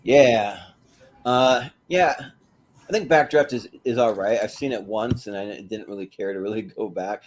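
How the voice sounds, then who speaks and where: A man's voice: on the low side, a little slow, a little hiss or hum. A man hosting a casual movie podcast. He talks in a laid-back, rambling way, laughs often and eats while he talks. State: eating while talking. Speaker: podcast host.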